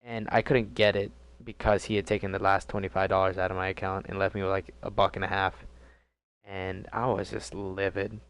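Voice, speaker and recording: A man's voice: sits low, flat delivery, brisk, clean tone. A young man in a casual storytime vlog, rambling and profane, with many fillers and restarts. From DC, Maryland and Virginia area. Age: young adult. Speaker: gaming vlogger.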